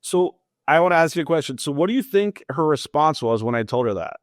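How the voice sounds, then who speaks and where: Man, thirties, podcast guest, lively storytelling, higher voice, dry close sound. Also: quick pace, no echo. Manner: animated, laughs often, acts out dialogue. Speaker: interview guest. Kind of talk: casual storytelling.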